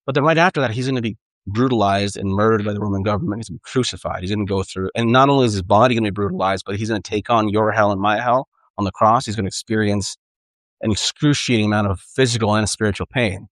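A man's voice: lowish voice, fast talker, a bit bright, no room sound. A man preaching a sermon in an earnest, conversational way, often repeating and restarting phrases. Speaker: pastor.

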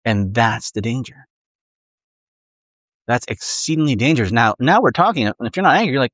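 Guy preaching a sermon, earnest and chatty, mid-pitched voice, dry close sound. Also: animated, normal speed, a bit bright, no echo. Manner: earnest, conversational preaching with acted-out inner voices.

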